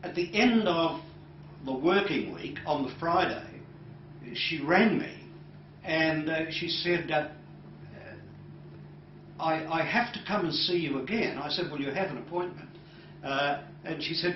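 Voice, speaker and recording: Unhurried male hypnotherapist telling a case. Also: fairly high pitch, a little hiss or hum. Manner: unhurried storytelling with many "uh" pauses. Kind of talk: recounting a client case to an audience. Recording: roomy, distant and dull lecture audio.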